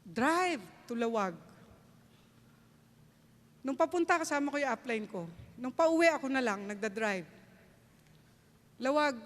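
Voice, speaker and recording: A woman with a Filipino accent giving an emphatic motivational speech on stage, switching between Tagalog and English. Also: on the high side. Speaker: network marketing leader giving a keynote. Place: large event hall, on stage. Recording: long reverb of a large event hall.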